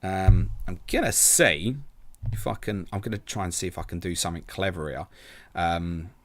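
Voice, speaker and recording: Deep-voiced casual stream host. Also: male voice, a bit bright, no room sound. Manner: casual and quick, calls viewers mate, self-deprecating. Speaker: fantasy football stream host. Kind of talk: live stream Q&A, reading chat questions.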